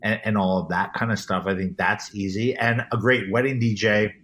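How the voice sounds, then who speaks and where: Earnest low-voiced man talking shop. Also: fairly even intonation, moderate pace, fairly bright tone, slight background noise. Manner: earnest and emphatic, with frequent restarts. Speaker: guest, event DJ. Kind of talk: casual interview.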